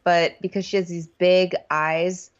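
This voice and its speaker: A woman's voice: fairly low pitch, little pitch movement, a little slow, clean tone. Wry woman on a dull, lo-fi line. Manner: chatty, wry, mocks people in quoted voices. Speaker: podcast co-host. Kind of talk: casual comedic chat.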